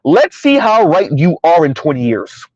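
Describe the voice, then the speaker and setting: Here a thirty-something man who streams commentary addresses his audience head-on with a sassy, preachy monologue. He sounds a little high and sing-song, talking at a normal speed. It's a dry recording with a dull, lo-fi character.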